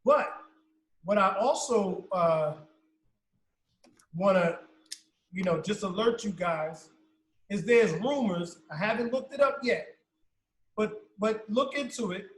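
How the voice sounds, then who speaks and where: High-voiced man in a roomy studio. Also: animated, slow pace, pauses often, fairly bright tone. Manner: conversational, advising listeners. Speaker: radio co-host. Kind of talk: casual radio banter.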